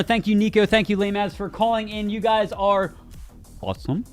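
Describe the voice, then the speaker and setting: A man co-hosting a live gaming stream, talking in an animated, jokey, rambling way. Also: high-pitched, moderate pace, soft background music. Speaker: podcast co-host. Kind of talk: casual stream chat.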